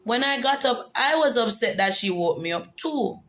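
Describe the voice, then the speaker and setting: A woman's voice: fairly high pitch, expressive, moderate pace, fairly bright tone, low-quality recording. A woman giving an earnest, emotional personal testimony in a vlog. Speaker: vlogger.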